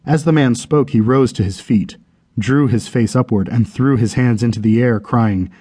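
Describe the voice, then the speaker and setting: A man narrating an audiobook novel in a measured storytelling delivery. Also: mid-range voice, warm tone, breathy edge. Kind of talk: scripted narration.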